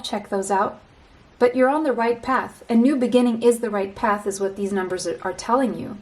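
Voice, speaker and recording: Lady doing a tarot pick-a-card reading, kinda high voice, talks right at you, slow and soothing, says things twice. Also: darkish tone, poor audio. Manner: speaks straight to the listener, slow and reassuring, often repeats a phrase.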